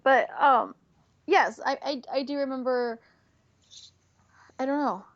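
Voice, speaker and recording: A middle-aged woman chatting casually on a podcast, soft-spoken and agreeable, chiming in with her own take. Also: high-pitched, slow pace, no room sound, highs cut off. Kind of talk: casual chat.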